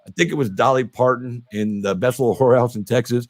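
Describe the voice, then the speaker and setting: A man hosts a loose, casual interview, circling his points with fillers and restarts. He swears freely and breaks into laughter often. His voice is mid-pitched and sits dry and close on the mic. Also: steady tone, quick pace, a little mellow, dry recording. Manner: rambling, profane, laughs a lot. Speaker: podcast host.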